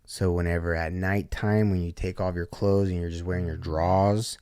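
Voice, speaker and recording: A low-voiced man tells a story on a podcast, blunt and unfiltered, swearing freely and filling his sentences with "like". The sound is very dry and close, with no room echo. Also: level tone, moderate pace, darkish tone, clear, resonant tone. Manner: blunt, profane, heavy use of "like". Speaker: podcast guest. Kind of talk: casual storytelling.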